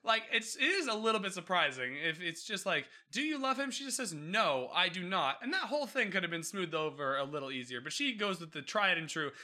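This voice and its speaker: A man hosting a podcast, chatting casually through a TV episode recap, animated and swearing freely as he acts out the characters' lines. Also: sits high, fast, hardly any pauses. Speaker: podcast host.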